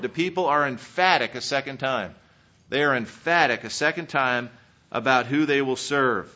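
A man preaching a sermon, earnestly reading scripture and swinging between emphatic peaks and quiet, searching questions. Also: medium pitch, moderate pace. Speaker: pastor. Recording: dull lo-fi sermon recording.

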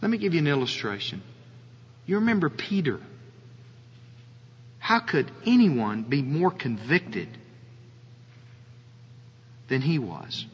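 A male pastor preaching a sermon, slow and earnest, often asking his listeners rhetorical questions. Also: a little high, sing-song, slightly rough. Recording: dull audio with long hall reverb.

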